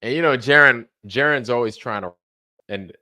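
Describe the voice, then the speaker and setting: A man's voice: medium pitch, moderate pace, sharp tone, no echo. A man hosting a livestream, chatting casually with joking, profane banter. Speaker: livestream host. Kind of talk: casual chat.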